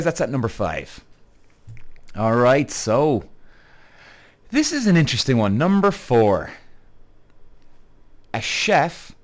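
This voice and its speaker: Man podcast host, casual storytelling, swears a lot, rambles and corrects himself, mid-pitched voice. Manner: rambling, profane, self-correcting.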